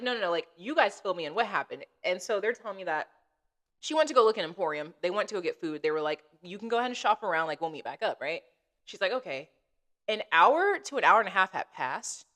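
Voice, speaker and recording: A woman's voice: fairly low pitch, lively intonation, fast, a bit bright. A woman co-hosting a podcast, chatting casually and acting out quoted lines as she tells a story. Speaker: podcast co-host.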